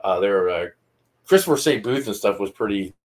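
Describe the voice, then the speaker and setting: A man hosting a podcast, telling stories loudly and animatedly and acting out other people's voices in casual chat. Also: on the low side, fairly quick. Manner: loud, animated storyteller who acts out voices. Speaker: podcast host.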